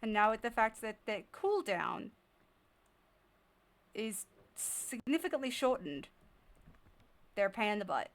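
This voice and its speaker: A woman's voice: medium pitch, sing-song, measured pace, long pauses. A woman streamer chatting to herself while she plays, curious and easily spooked. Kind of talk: live gameplay commentary. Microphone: desk microphone.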